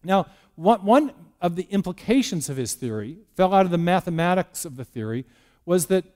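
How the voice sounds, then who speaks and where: A man's voice: high-pitched, sing-song, normal speed, dark tone. A man giving a lecture on science and faith in a church, telling it as a story with restarts and rhetorical questions. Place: church hall.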